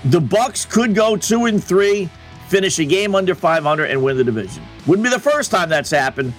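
A man's voice: high-pitched, expressive, moderate pace, faint music behind. A man hosting a sports betting radio show, talking in a wry, conversational monologue full of rhetorical questions.

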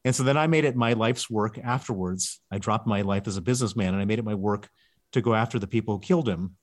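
A man's voice: lowish voice, fast talker. A man speaking as an author guest in an interview, explaining emphatically and stressing key words. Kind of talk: interview answers.

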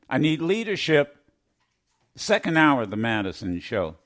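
A slightly hoarse middle-aged man hosts a call-in radio show, his pitch swinging widely as he rambles. He hammers points home by repeating phrases. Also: a little slow. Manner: animated, rambling, emphatic repeats. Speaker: radio talk show host.

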